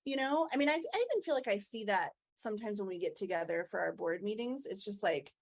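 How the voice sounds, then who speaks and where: A woman's voice: medium pitch, animated, fast talker. A woman co-hosting a podcast, speaking in an open, reflective and chatty way in casual conversation. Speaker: podcast co-host, agile coach. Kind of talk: casual chat.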